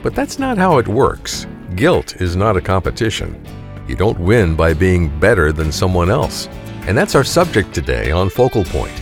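A man's voice: low-pitched, huge pitch swings, normal speed. A male announcer giving a polished, scripted introduction to a broadcast program. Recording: voice over guitar music. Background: guitar music.

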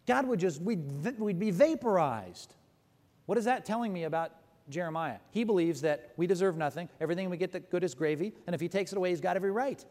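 A man with a high voice preaches a sermon, animated and emphatic, pausing now and then to correct himself. His voice rings with a long reverb, like a big church hall. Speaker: pastor.

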